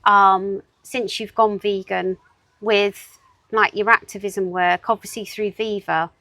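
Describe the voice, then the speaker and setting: A woman's voice: medium pitch, steady tone, slow, sharp tone, dry recording. A woman hosting a casual interview, encouraging her guest with light teasing. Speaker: host. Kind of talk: casual chat.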